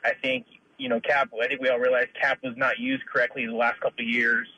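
A man's voice: mid-range voice, fairly even intonation, fast, creaky, pushed and bright, husky, no echo. A man calling in to a sports radio show, rambling through his opinions with constant "you know" fillers over a phone line. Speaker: caller. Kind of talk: call-in opinion. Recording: dull, muffled phone line.

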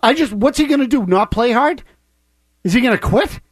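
A male co-host on sports radio questions every claim the others make. His voice is high, and the mic sound is dry and close. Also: expressive, a little fast, no room sound. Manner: skeptical, challenging. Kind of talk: sports talk radio debate.

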